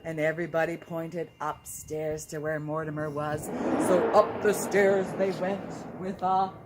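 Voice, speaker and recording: A woman telling a children's story in an animated way, gasping and asking the listeners questions, with counting and songs. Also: deep voice, unhurried. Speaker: early-years educator. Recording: background hiss.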